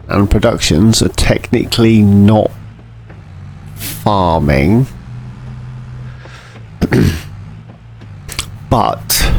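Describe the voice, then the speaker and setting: A man giving casual, rambling commentary over a farming game, often clearing his throat. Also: on the low side, a little mellow, slight background noise. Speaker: gameplay commentator.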